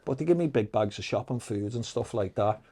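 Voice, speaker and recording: A middle-aged man, a podcast guest telling lively, profane anecdotes in casual storytelling. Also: mid-range voice, a little fast, slightly rough. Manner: swears freely, lively anecdotes.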